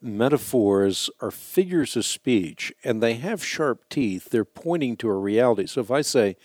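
A man hosting a call-in radio show, explaining Bible questions to callers in a measured, teacherly way. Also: mid-range voice, expressive, darkish tone, no echo, clean studio sound.

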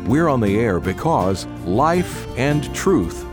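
A man reading a scripted radio broadcast outro, measured and clear as he gives contact details. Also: medium pitch, very animated. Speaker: radio announcer. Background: music bed.

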